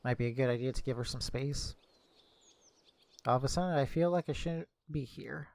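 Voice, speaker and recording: Gravelly young man reading a game aloud. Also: medium pitch, normal speed, a little mellow, slight background noise. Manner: casual reading with slips and self-corrections. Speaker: streamer. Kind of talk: reading a visual novel aloud.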